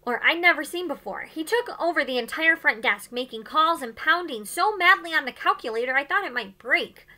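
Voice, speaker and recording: A woman teacher reading chapters of a novel aloud to her students with expressive, dramatic delivery. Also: high voice, normal speed, hardly any pauses.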